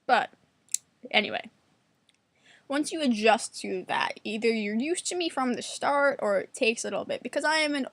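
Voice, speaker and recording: Young woman vlogger, fast sarcastic chatter, slightly high voice, dry room. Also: animated, gravelly, no room sound. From New York. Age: 20s. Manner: fast-talking, sarcastic, blunt; acts out quotes in a higher voice. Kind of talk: casual monologue to camera.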